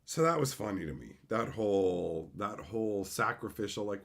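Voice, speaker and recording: Excitable man spinning a gaming story. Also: lowish voice, normal speed, vocal fry. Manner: playful, excitable, slips into voices. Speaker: channel host. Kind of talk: animated storytelling.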